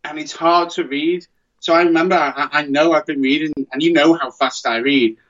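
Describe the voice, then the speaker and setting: A man's voice: fairly high pitch, fairly even intonation, normal speed, a bit bright, highs cut off. A man chatting casually as a podcast co-host, rambling and restarting his sentences often. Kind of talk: casual chat.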